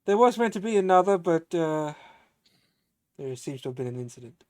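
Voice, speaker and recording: A man's voice: fairly high pitch, expressive, moderate pace, darkish tone, smooth, lightly acted. A man as an evasive military commander.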